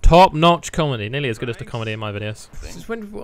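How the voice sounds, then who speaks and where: A man's voice: fairly low pitch, big pitch swings, very fast, fairly bright tone. A man doing sarcastic comedic commentary while playing a video game, laughing often and mocking it. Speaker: gaming YouTuber. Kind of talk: comedic let's play commentary.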